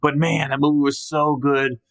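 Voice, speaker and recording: Guy doing a solo podcast, kinda high voice, rambles and jokes on himself, dry sound. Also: flat delivery, normal speed, creaky, fairly bright tone, dry recording. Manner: rambling, with frequent restarts and self-corrections; joking, self-deprecating. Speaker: podcast host. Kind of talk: casual solo monologue.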